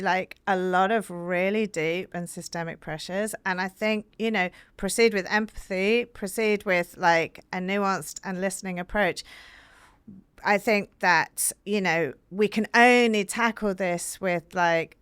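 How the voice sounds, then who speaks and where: British woman, smooth and earnest. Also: mid-range voice, no room sound. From Britain. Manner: earnest, animated storytelling with many fillers. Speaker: author guest. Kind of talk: podcast interview.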